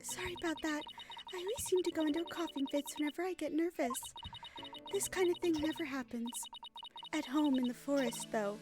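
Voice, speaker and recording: A woman voicing a shy, gentle young woman who gets nervous, speaking softly and hesitantly. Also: high voice, fairly quick, music in the background, pitched above the performer's own voice, lightly acted. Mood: timid.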